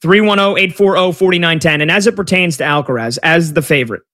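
A man from the United States giving a casual betting preview as a sports analyst, chatty, with quick asides and frequent restarts. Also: a little high, bright, forceful tone.

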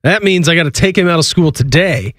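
Stuffy-nosed radio host guy, kinda high voice, bone dry studio mic, keeps cracking jokes. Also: fairly quick, no echo. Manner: joking, animated, laughs often. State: congested from a cold. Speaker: radio sports show host. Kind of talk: casual sports radio banter. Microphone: studio microphone.

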